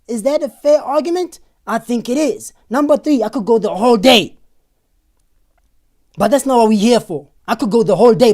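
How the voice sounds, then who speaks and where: Host: young South African woman, mellow and warm, emphatic and rhetorical, live-stream commentary. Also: medium pitch. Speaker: livestream host.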